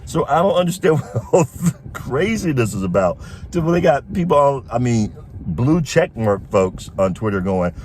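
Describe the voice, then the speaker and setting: A man's voice: mid-range voice, big pitch swings, moderate pace, darkish tone, a little hiss or hum. A man giving casual political commentary in an opinionated way, chuckling often as he talks.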